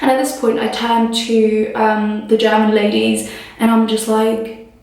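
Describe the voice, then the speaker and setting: A woman's voice: on the high side, unhurried. Chatty young woman in an echoey room. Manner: animated retelling with quoted dialogue and frequent swearing. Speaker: vlogger. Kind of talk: casual storytime. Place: hotel room.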